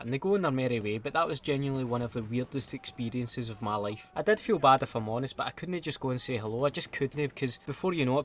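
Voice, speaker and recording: A young man with a Scottish accent telling stories in a casual vlog, sweary and self-mocking. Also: medium pitch. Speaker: YouTuber.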